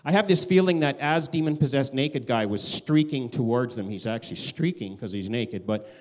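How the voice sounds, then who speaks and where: Guy preaching a sermon, chatty and animated, jumps way up when he acts out quotes. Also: moderate pace. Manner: animated, conversational, acts out quotes with big pitch swings. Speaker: pastor.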